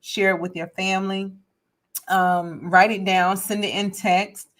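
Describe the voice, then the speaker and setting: A woman's voice: mid-range voice, level tone, unhurried, fairly bright tone. Woman hosting a live stream, gushing, repeats herself, lots of "um". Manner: effusive, repeats phrases, many fillers. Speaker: host.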